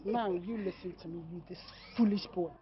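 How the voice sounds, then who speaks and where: A woman's voice: medium pitch, a little fast, slightly rough. An actress with a Nigerian accent playing a fiery young woman who scolds and insults a man. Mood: angry. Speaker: sister-in-law. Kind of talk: Nollywood film acting. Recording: dull lo-fi film sound.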